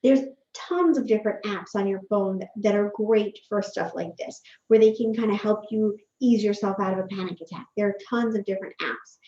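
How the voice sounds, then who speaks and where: A woman's voice: mid-range voice, fairly quick, hardly any pauses. Chatty woman vlogging in a roomy space. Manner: chatty, gentle and reassuring, with frequent "like". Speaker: vlogger giving self-care advice. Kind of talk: casual advice vlog. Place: quiet room at home with camera setup. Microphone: desk microphone. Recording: roomy, slightly dull home recording.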